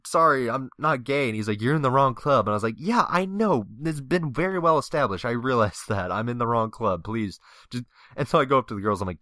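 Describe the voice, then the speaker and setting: Animated young man telling a story. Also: on the low side, dry recording, clean studio sound. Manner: animated, laughing, mimics voices in anecdotes. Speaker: gameplay commentator. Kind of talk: casual storytelling commentary.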